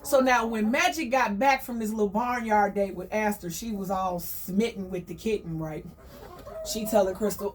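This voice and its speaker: A woman telling a story in a chatty, slangy, gossipy way, full of animated asides. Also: medium pitch, normal speed, far from the mic, a little hiss or hum.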